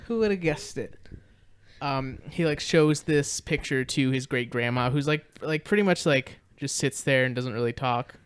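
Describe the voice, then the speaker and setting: Male podcast co-host, mid-pitched and smooth, casual rambling recap. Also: normal speed. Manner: rambling, lots of "like" and "um", restarts. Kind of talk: casual movie recap chat.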